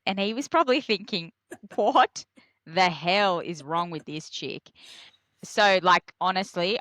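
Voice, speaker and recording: A young Australian woman shares stories in a bright, forceful voice. She jumps into high, excited voices to act out her own lines. The sound is dry and close. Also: no echo. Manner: animated storyteller, acts out her own quotes in a high voice. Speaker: interview guest. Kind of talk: candid casual chat.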